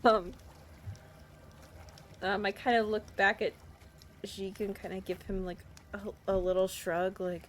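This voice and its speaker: A woman playing a tabletop game, earnest and excitable with frequent giggles. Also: mid-range voice, measured pace, pauses often, a little hiss or hum. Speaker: player. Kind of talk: casual tabletop role-play.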